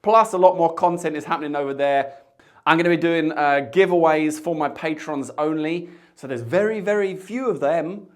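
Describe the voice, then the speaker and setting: A man's voice: fairly high pitch, moderate pace. A man, a bartender, chatting casually to camera as he tastes cocktails, with jokey asides. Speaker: bartender host. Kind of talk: casual tasting chat to camera.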